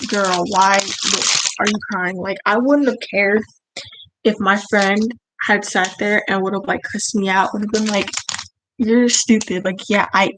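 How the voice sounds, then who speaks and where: A teenage girl talks at home while she draws, telling a casual storytime vlog. She rambles and leans on fillers, and she often puts herself down with a laugh in her voice. Her pitch sits in the middle range. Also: noisy background. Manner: rambling, filler-heavy, self-deprecating. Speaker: vlogger. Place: at home, indoors.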